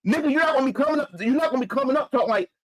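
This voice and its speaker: A man's voice: very high voice, expressive, very fast, rough recording. A man from Philadelphia telling a story in a heated, profane, repetitive rant. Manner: heated, profane, repeats himself. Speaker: vlogger.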